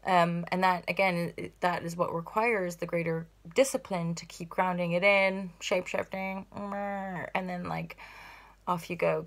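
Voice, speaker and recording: A woman's voice: medium pitch, fairly even intonation, a little slow, fairly bright tone. A woman giving a casual spiritual tarot reading, rambling and bubbly, laughing often as she talks. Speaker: tarot reader.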